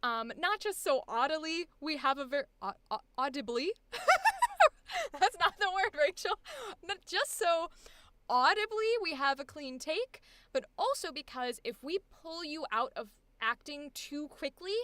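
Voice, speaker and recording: A woman's voice: sits high, lively intonation, a little slow, sharp tone, no echo. A young woman coaching voice acting on a live stream, chatty and exclamatory with frequent laughter.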